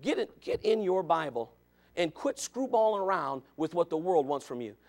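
A man preaching a Sunday school sermon as a Baptist preacher, hammering points through repetition and building up to shouting. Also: a little high, very animated, moderate pace, vocal fry.

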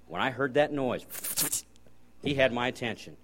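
A man preaching as a guest preacher, folksy storytelling with sudden loud bursts. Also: medium pitch, expressive, normal speed, slight background noise. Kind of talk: sermon.

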